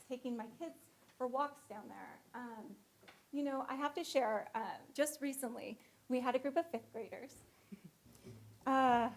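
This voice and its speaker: A woman's voice: a little high, a little mellow, slight background noise, poor audio. A woman school guidance counselor presenting at a board meeting, emotional and close to tears. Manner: emotional, gets choked up. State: teary.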